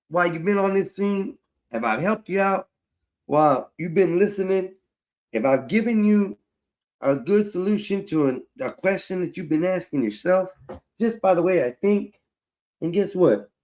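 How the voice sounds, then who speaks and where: A man chatting casually to viewers on a live stream, loose and profane, rambling and talking to his audience as y'all. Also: on the high side. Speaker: livestreamer. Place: at home, fixing his hair on camera.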